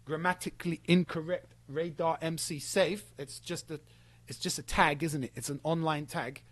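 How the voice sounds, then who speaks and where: Man, fiery sarcastic callout rant, slightly high voice, dry close sound. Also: steady tone, normal speed, a bit bright, no echo. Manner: heated, profane, sarcastic, mocking. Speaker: streamer calling out a rival.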